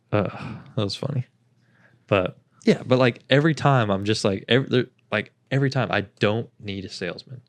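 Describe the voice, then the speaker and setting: A man's voice: lowish voice, brisk, dry recording. A young man co-hosting a podcast, telling rambling stories in casual chat, swearing freely and mimicking the people he talks about. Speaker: podcast co-host.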